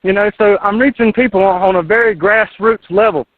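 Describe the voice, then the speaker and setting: A man in his thirties from North Carolina, preaching in a fired-up, driving way as a radio guest and hammering each point through repetition. His voice sits high for a man. It comes through a thin, dry phone line. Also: a little fast, no room sound. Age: 30s. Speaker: internet radio host, guest. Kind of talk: impassioned guest talk on a call-in radio show. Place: outdoors in his yard.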